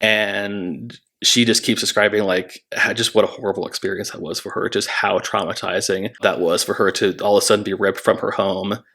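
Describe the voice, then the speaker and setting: Halting, reflective man with a low voice. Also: level tone, creaky, bright, forceful tone. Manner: halting, reflective, many restarts. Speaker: former treatment center staff member. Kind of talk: candid conversational storytelling.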